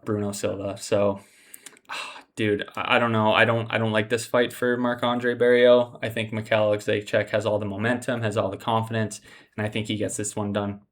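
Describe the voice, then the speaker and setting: A man's voice: lowish voice, vocal fry. A young man hosting a casual fight breakdown, exasperated and profane, sighing often as he rants. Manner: exasperated, profane ranting with frequent sighs. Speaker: MMA analyst host.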